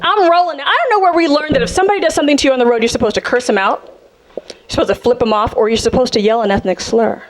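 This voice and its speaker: A woman from South Central Los Angeles performing a sassy, animated stand-up set, jumping into character voices. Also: sits high, racing. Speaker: stand-up comedian. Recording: live club set with loud audience laughter. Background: audience laughing.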